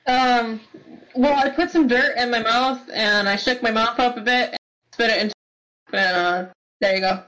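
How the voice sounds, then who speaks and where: A woman's voice: fairly high pitch, moderate pace, fairly bright tone, poor audio. A woman co-hosting a podcast, giggly and laid-back in casual chat. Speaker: podcast co-host.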